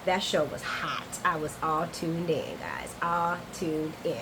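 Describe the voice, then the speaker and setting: A woman with a deep voice speaks slowly against a noisy background. In her casual soap opera recap she talks directly to her viewers, calling them "y'all," and keeps things chatty, animated, and full of playful asides.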